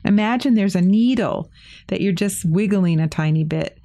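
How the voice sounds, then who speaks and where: Woman on a podcast, mellow voice, calm explainer, dry close sound. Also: medium pitch, moderate pace, no room sound. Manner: gentle, explanatory, laughs easily. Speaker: acupressure practitioner, co-host. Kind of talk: casual podcast chat.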